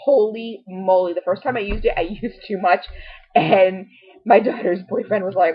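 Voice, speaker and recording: A middle-aged woman gushes through a casual review, chatty and full of little asides. Her voice sits at an ordinary pitch for a woman. The home-video sound is dull and lo-fi. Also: normal speed, breathy edge. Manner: gushing and chatty, many fillers and asides. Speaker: beauty and home product vlogger. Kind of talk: casual product review to camera.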